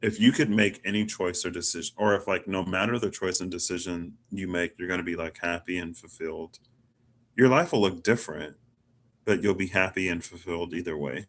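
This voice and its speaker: A man's voice: low voice, fairly even intonation, a little fast, fairly bright tone. A man doing a casual self tarot reading, musing and rambling with lots of "like". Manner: musing, rambling, chatty with filler "like". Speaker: tarot reader.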